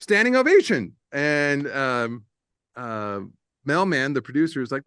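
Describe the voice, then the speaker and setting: A middle-aged producer and audio engineer, appearing as an interview guest, tells casual stories about studio life. His medium-pitched voice is clear and resonant with no echo, and he speaks a little slowly. He's animated, laughs a lot, and imitates other people's voices.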